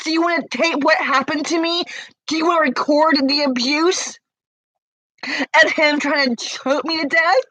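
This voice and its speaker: A woman in her forties talking to her livestream chat while crying, confrontational and tearful, sometimes breaking into shouts. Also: high voice, steady tone, moderate pace, no echo, poor audio. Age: 40s. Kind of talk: emotional livestream rant.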